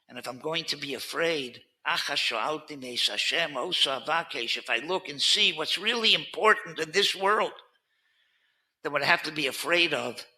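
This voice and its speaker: A man's voice: a little high, bright, forceful tone. A man giving a Torah talk as a rabbi, earnest and teacherly, who drops in Hebrew terms and pushes hard on key words. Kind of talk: Torah lecture on current events.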